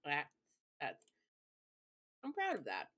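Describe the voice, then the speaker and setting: Slow-talking woman streamer, rambling. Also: low voice, wildly swooping pitch, pushed and bright. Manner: rambling self-talk with frequent swearing and fillers. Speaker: live streamer. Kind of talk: casual live-stream chat.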